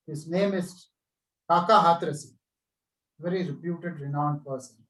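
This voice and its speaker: A man with a high voice tells anecdotes and acts out quoted dialogue in a speech to his club. He sounds a little distant from the mic, and the room around him is echoey. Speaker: club speaker. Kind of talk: storytelling speech. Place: online club meeting.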